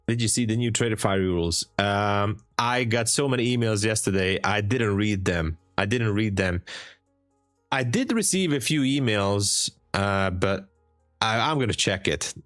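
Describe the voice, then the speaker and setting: A man's voice: fairly low pitch, measured pace, fairly bright tone, no room sound, studio quality, soft background music. A man from Hungary with a Hungarian accent, chatting casually and joking on a trading live stream. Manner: joking, chatty, laughs often. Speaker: livestream trader.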